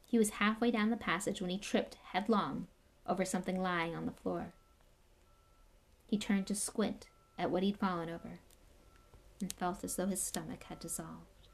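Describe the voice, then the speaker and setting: A woman's voice: on the low side, steady tone, moderate pace, creaky, pauses often. Woman reading a storybook aloud. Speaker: audiobook reader. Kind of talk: storybook narration.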